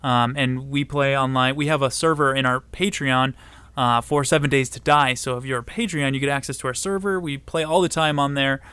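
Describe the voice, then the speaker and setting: A man hosting a casual podcast chat, relaxed and chatty, reading out viewer questions. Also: mid-range voice, fairly quick, clean tone, dry recording. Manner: relaxed, chatty, laughs often. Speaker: podcast host.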